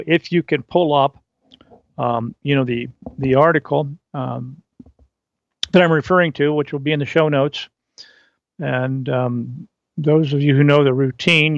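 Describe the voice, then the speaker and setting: Man, podcast host, solo monologue, rambling, filler-heavy, slightly high voice. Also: no echo, highs cut off. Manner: rambling, halting, many fillers and restarts.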